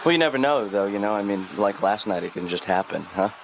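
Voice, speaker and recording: A droll, aimless young son. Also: male voice, on the low side, fast, creaky, slight background noise. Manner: droll, mumbling monotone.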